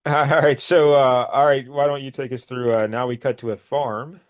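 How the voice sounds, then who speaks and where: A man's voice: mid-range voice, steady tone, moderate pace, no echo. Laid-back rambling man, slightly dull sound. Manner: rambling, laughs often, acts out characters' lines. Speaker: podcast co-host. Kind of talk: casual comic book review chat.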